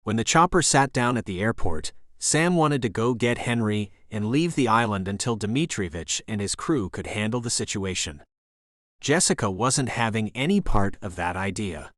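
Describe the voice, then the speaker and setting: A man narrating a thriller audiobook in a steady, even scripted delivery. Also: fairly low pitch, normal speed, no echo, studio quality.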